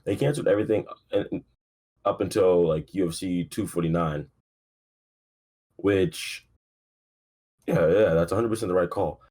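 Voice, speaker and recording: A man's voice: low voice, normal speed, pauses often, darkish tone. A young man hosting a casual solo sports podcast, rambling and swearing freely in a sleepy, offhand way. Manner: rambling, profane, laid-back with frequent fillers. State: sleepy, yawning. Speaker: podcast host.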